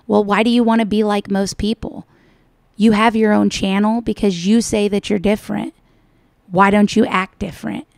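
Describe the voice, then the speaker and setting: A woman's voice: mid-range voice, little pitch movement, moderate pace, vocal fry, darkish tone, no room sound, studio quality. A woman hosting reaction commentary, mocking and scolding in a sarcastic way. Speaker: commentary channel host.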